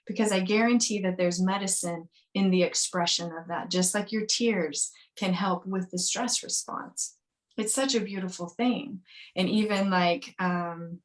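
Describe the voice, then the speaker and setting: A woman physician talking candidly in a podcast interview, lively and full of fillers, acting out the voices of people she quotes. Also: mid-range voice. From grew up on a farm. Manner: animated, acts out quoted voices, frequent fillers. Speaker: naturopathic physician guest.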